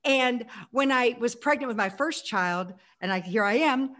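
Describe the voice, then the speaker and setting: A woman in her sixties telling her life story as an interview guest, animated and acting out her past self. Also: a little high, moderate pace. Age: 60s.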